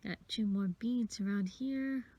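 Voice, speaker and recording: A woman's voice: mid-range voice, unhurried, dark tone, muffled recording. A sniffly woman casually rambling through a bead-bracelet craft tutorial, counting beads aloud as she works. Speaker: craft vlogger.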